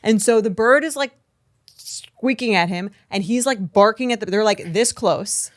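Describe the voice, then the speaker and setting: A young adult woman co-hosting a podcast, telling a rambling, animated story full of "like" in casual chat. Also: mid-range voice, moderate pace. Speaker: podcast co-host.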